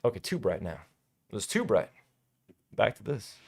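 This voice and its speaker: A man's voice: on the low side, very animated, moderate pace, gravelly, breathy edge. A young man hosting a casual hobby vlog, chatty and self-delighted, full of fillers. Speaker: toy-building channel host.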